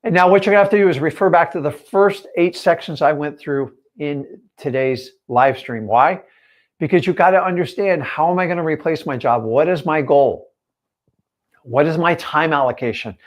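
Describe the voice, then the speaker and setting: A man's voice: on the high side, normal speed. Emphatic man coaching viewers. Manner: emphatic, direct, talks straight to viewers. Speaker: real estate coach. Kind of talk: live stream teaching.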